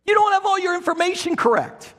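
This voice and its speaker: Jesus, a patient teacher, sets his followers straight in a high, lively, husky voice as a preacher puts him on. The words come earnest and emphatic, ringing through a big, echoing church hall. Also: a little fast, exaggerated voice. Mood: chiding.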